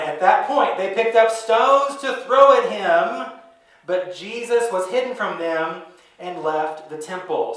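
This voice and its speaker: A man preaching a sermon as pastor, talking in a conversational, animated storytelling way. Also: high-pitched. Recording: echoey room, mic from a distance.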